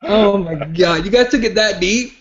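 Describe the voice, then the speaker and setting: A man's voice: high-pitched, moderate pace, muffled recording. A man co-hosting a podcast, laughing along and steering the topics in casual sports banter. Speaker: podcast co-host.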